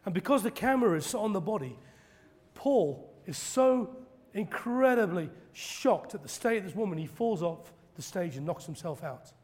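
A man preaching a sermon, telling stories dramatically and acting out quoted preachers in loud high bursts. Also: animated, moderate pace. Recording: long hall reverb.

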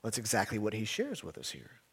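A man's voice: fairly low pitch, huge pitch swings, brisk, vocal fry, a bit bright, slightly rough, big-room sound. A man preaching a sermon as pastor, emphatic, asking rhetorical questions and repeating key phrases.

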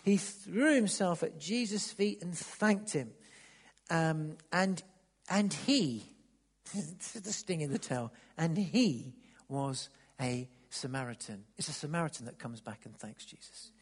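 High-voiced preacher man in a reverberant hall. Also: expressive, a little slow, slightly rough. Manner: swings from soft near-whispers to loud emphatic bursts; restarts and repeats words when stirred. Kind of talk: sermon. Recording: long reverb of a large hall.

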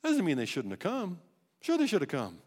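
A man preaching a sermon as pastor, emphatic and animated, often restarting his phrases. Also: high voice, a little fast, slightly rough, big-room sound. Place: church sanctuary.

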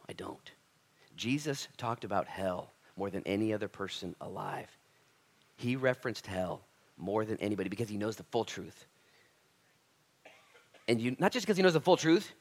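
A man preaching a sermon as pastor, impassioned and casual, swinging from loud emphatic lines to hushed near-whispers. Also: lowish voice. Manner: casual slangy address, says "dude" and "man".

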